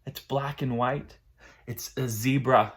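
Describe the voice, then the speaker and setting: A man's voice: medium pitch, steady tone, takes it slowly. A male children's librarian leading a story time, playful and sing-song as he talks to little kids.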